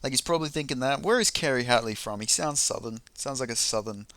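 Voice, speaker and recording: A man's voice: medium pitch, fast talker, fairly bright tone, no room sound. A young man in a casual vlog, ranting about fights in a profane, rambling, heated way. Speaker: MMA commentator.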